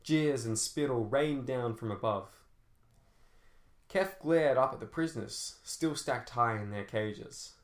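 A man reading a novel aloud in a measured, dramatic storytelling manner. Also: medium pitch. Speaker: narrator. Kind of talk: scripted audiobook narration. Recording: roomy echo.

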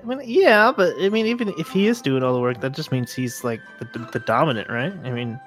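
Podcast co-host, middle pitch, wry quick reactions over faint music. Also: expressive. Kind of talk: casual comedic chat.

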